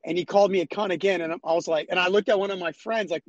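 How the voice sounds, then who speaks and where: Young male guest, higher voice, dry close sound, laid-back. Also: racing, no echo. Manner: relaxed, rambling with fillers. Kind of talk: casual chat. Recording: dry, slightly dull sound.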